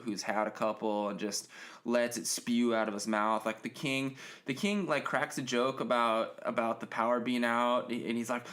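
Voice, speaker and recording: A man's voice: medium pitch, a bit bright. A man hosting a solo podcast, talking casually and rambling with many fillers and restarts. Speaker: podcast host.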